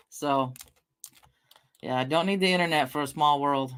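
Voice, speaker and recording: A woman's voice: deep voice, moderate pace, pauses often, fairly bright tone, smooth. Middle-aged woman rambling through stories. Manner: rambling storyteller, swears casually, talks to chat. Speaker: livestreamer. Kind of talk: casual livestream chat.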